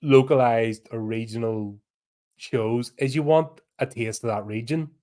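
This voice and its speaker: A man's voice: medium pitch, measured pace, mellow. Northern Irish male podcast co-host, blunt, sweary, ranting delivery. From Northern Ireland. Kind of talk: casual chat.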